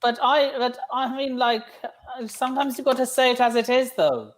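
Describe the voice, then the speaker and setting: A man on a sports chat panel, jokey and halting, with lots of filler sounds. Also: very high voice, fairly bright tone.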